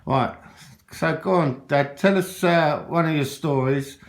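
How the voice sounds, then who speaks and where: A man's voice: fairly high pitch, unhurried, creaky, roomy sound. A man asking his father short questions to draw out a story, in casual chat. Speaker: interviewer, the storyteller's son.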